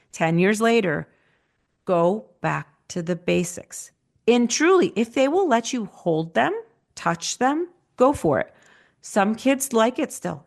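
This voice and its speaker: A woman guest in an interview, giving advice in an easy, conversational flow. She speaks at a middle pitch and keeps checking in with her listener with a quick "right?" between points. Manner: conversational, often adds "right?". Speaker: author guest. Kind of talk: casual interview talk.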